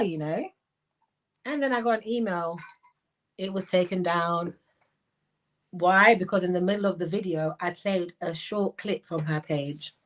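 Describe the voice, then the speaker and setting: Animated woman a lilt. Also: medium pitch. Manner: animated, slips into patois, bursts of laughter. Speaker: life coach and commentator. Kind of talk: livestream commentary reading comments.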